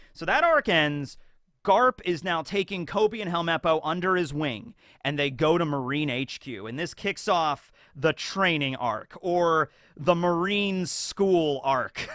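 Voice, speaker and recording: Man, casual rambling commentary, slightly high voice, dry close sound. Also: bright, forceful tone, no echo. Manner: rambling, with many fillers. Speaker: video host.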